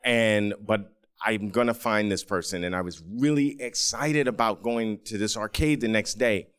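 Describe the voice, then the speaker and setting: A man's voice: lowish voice, normal speed, smooth. A man telling a personal story in the first person, acting out the people he quotes. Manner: animated, acts out quoted voices.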